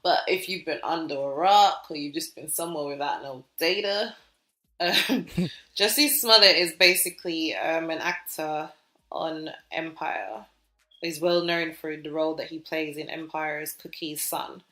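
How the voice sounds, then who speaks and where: A woman with a British accent co-hosting a podcast, telling stories in a chatty, animated way with lots of fillers. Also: low-pitched, measured pace, reverberant. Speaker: podcast co-host. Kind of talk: casual podcast chat.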